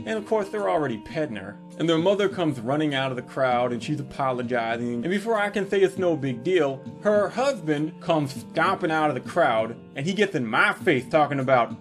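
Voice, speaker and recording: High-voiced man telling crude funny stories. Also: moderate pace, faint music behind. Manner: animated, crude, deadpan punchlines. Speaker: comedic storyteller. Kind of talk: comedic storytelling monologue.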